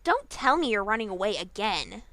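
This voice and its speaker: A woman voicing a brash, furious young female griffin in a fan audiobook reading, shouting and confrontational with slangy talk. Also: mid-range voice, sing-song, moderate pace, no room sound.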